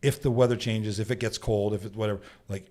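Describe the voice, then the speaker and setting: A man's voice: on the low side, quick pace. A man from Canada, a bushman guest on a podcast, telling stories in a casual studio chat, acting out quoted lines and often asking "right?". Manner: animated storyteller who acts out quotes, says "right?" often. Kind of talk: casual storytelling.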